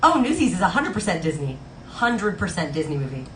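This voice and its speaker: A woman's voice: lowish voice, sing-song, brisk, a little hiss or hum. A woman live-streaming at the piano, chatting casually and gushing to her viewers between songs. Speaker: live-stream pianist and singer. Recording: roomy sound with loud piano.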